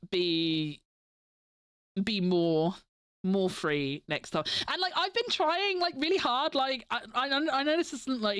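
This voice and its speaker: A woman's voice: fairly high pitch, fairly bright tone, dry recording. A young woman chatting casually on a livestream, rambling with many "like" fillers and frequent giggles. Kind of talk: casual chat stream.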